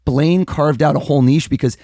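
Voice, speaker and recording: A man from the United States, a mentalist guest, talking in a casual interview in a lively, animated way. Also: on the high side, a little fast, dry recording, studio quality. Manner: energetic, animated, acts out quoted voices.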